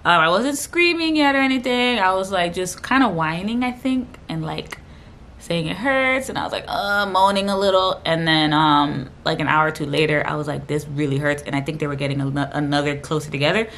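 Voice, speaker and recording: A woman's voice: deep voice, fairly bright tone, a little hiss or hum. A young woman vlogger telling a personal story to camera in a casual, rambling way with lots of fillers. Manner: fast, rambling, lots of fillers and quoted dialogue.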